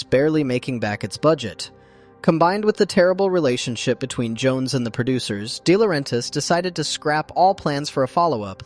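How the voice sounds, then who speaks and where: Steady male documentary narrator. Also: mid-range voice. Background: faint background music.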